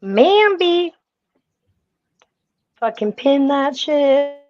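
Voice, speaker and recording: A woman with a slightly high voice talks bluntly and rambles, swearing freely as she vents. Her audio comes through dull and lo-fi, like a cheap stream mic. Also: very animated, very slow, a little mellow. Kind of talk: casual chat.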